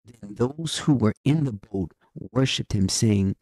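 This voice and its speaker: A man's voice: fairly low pitch, animated, unhurried, darkish tone, no room sound. Earnest preaching man, dry close sound. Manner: preacherly, reads scripture aloud, urgent repetition. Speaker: podcast co-host. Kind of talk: faith-based podcast exhortation.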